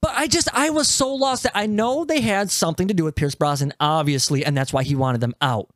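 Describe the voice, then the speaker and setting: A man's voice: high-pitched, a little fast, no room sound, studio quality. A man co-hosting a movie podcast, leading a casual discussion and steering it back on track. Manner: steers the talk, animated and emphatic. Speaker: podcast co-host.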